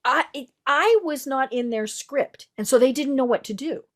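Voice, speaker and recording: A woman from the Colorado mountains hosting a casual interview, chatty and animated, with frequent affirming murmurs. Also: high voice, normal speed.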